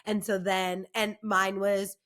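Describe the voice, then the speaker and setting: A young woman co-hosting a podcast chats casually and tells stories, saying "like" a lot and packing in fillers. Her mid-range voice is a bit bright but flat, she takes it slowly, and it sounds worn out, almost gone, from not sleeping.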